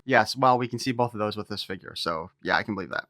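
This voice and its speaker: A man's voice: on the low side, fast talker, hardly any pauses, sharp tone, dry recording, clean studio sound. A man giving a casual toy unboxing review, reading a file card aloud and breaking off for irreverent wisecracks.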